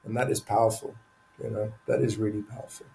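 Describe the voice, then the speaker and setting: A man's voice: on the low side, little pitch movement, quick pace, creaky, warm tone, rough recording. An older man speaking as a podcast guest, earnest and emphatic, repeating key words for stress in candid conversation. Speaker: podcast guest, men's advocate.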